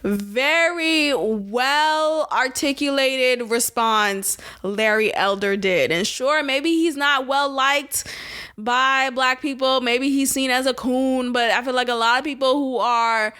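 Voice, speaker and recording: Bright, high-pitched sarcastic woman. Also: slow pace. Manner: animated, sarcastic, laughs often. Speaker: podcast co-host. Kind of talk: casual commentary.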